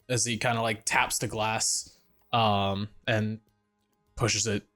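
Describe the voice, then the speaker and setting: A man playing a tabletop game, describing what his character does with relaxed hesitation. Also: medium pitch, unhurried, faint music behind. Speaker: player. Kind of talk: narrating own character.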